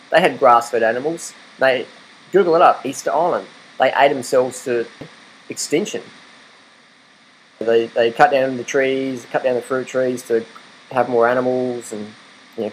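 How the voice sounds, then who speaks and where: A man's voice: mid-range voice, slight background noise, low-quality recording. A young Australian man in a casual vlog, rambling and laughing as he talks to his dog and argues his point. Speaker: vlogger. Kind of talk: casual rant to camera.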